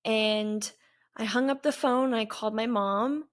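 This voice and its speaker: Young woman in her 20s, kinda high voice, telling her story on a vlog, earnest and halting. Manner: candid, earnest, halting with pauses. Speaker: vlogger. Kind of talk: personal storytelling.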